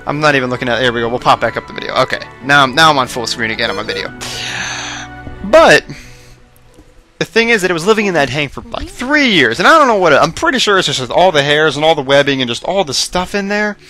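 Young guy rambling over his game footage, kinda tired voice at 2am, jumps up loud when excited, faint music underneath. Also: on the high side, rapid-fire, hardly any pauses. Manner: rambling, self-mocking, excitable outbursts. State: voice going hoarse late at night. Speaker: let's play host. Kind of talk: casual gameplay commentary.

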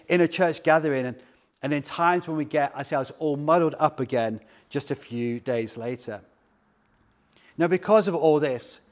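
A middle-aged male pastor preaching a sermon in a slightly higher voice. He tells the story earnestly, acts out the quoted lines and slows down to stress key words. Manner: earnest storytelling with quoted dialogue and slowed emphasis.

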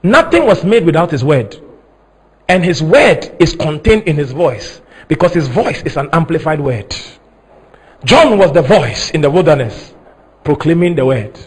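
Husky guy preaching, voice jumps all over, slow and soft then loud and high. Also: very animated, low-quality recording. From Ghana. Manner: dramatic, swings from soft slow teaching to high shouted emphasis. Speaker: prophet preaching. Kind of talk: sermon.

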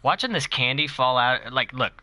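A man streaming a video game live, chatting casually and excitedly with his viewers and cheering himself on. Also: medium pitch, moderate pace. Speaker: gaming streamer.

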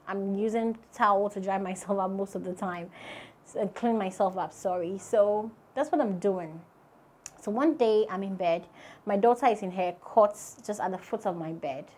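A woman with a Ghanaian accent hosting and telling her own story in an earnest, conversational way, her voice dropping soft and low at the sad parts. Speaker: host. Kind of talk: personal storytelling to camera.

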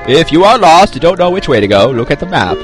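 A man's voice: on the high side, sing-song, fast, soft background music, voice pushed up. A man reading aloud the lines of a wise, long-winded old owl guide in a video game, in a plain read-aloud delivery. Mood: instructive.

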